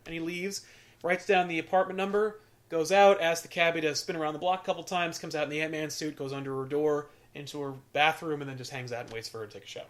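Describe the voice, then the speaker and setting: A man's voice: fairly high pitch, fairly even intonation, fast talker. A man hosting a casual chat, recapping a comic story in a rambling, profane way with lots of fillers. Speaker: podcast host.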